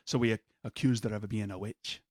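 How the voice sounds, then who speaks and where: A man voicing a gruff old Scottish village man who speaks mock-solemnly and calls the listener laddie. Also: fairly low pitch, steady tone, fairly quick, voice pushed down, lightly acted.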